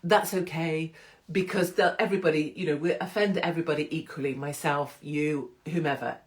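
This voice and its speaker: A woman's voice: sits low, steady tone, a little fast. Chatty, irreverent British-accented woman hosting a live stream. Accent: British English. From England. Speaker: host of a live-streamed show. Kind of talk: casual live-stream chat. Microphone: phone or computer live stream.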